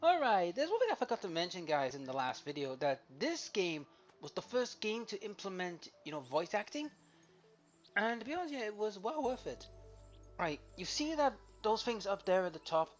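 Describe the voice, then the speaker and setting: A man casually narrating his own playthrough, reacting out loud to whatever happens on screen. His pitch swings up and down a lot, and faint music plays underneath. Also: sing-song, moderate pace. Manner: chatty, reacting to the game as he plays. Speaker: let's play host. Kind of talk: casual gameplay commentary.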